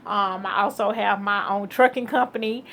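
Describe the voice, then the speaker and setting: A woman's voice: medium pitch, steady tone, moderate pace, fairly bright tone, a little hiss or hum. A woman from Houston, telling her story as a guest, acting out quotes and laughing often. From Houston, Texas. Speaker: guest, entrepreneur. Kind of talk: casual interview chat.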